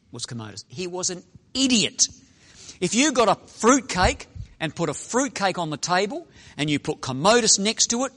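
A middle-aged male preacher with a slightly high voice tells a story to young people. He is animated, jumping from loud exclamations to hushed asides as he preaches in a dramatic storytelling style.

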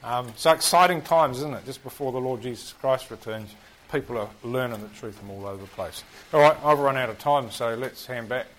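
A man with a mid-range, slightly bright voice and a New Zealand accent speaks fairly quickly while teaching a Bible class. He chats, asks the group questions, and jokes at his own expense. The audio is poor.

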